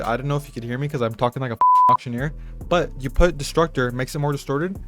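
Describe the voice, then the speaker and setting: A young man runs a loose beat-making tutorial in a slightly high voice, rambling and swearing in hype slang. Loud dark trap beats play behind him the whole time. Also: quick pace, music in the background. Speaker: music producer tutorial host. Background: trap beats playing.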